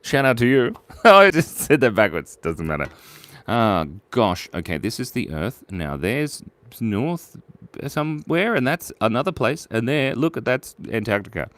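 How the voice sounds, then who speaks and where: A man's voice: very animated, unhurried, a bit bright. A man streaming live as he draws viewers' requests, playful and giggly, reading chat messages aloud. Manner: swoops from squeaky highs to low mumbles.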